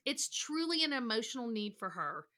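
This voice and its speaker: A woman's voice: fairly high pitch, normal speed. A middle-aged woman counselor giving a podcast interview, talking with energy and acting out little voices as she tells stories. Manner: energetic, animated storytelling with acted voices. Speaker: counselor and guest.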